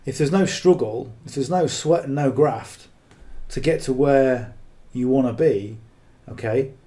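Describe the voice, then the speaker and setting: A man's voice: medium pitch, a little slow, warm tone. A man coaching on marketing in casual, unscripted talk, blunt and earnest, who keeps checking in with "okay?".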